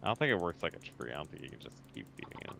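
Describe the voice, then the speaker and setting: A man's voice: rumbling low, sing-song, racing, gravelly, bright, forceful tone, slight background noise, poor audio. A man chatting casually while playing a video game, explaining things patiently and matter-of-factly. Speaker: co-player.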